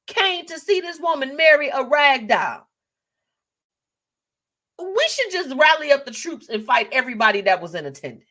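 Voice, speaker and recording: Animated laughing woman show host. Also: sits high, moderate pace, long pauses. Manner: animated, laughing, addresses audience as y'all and baby. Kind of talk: live show commentary reading viewer comments.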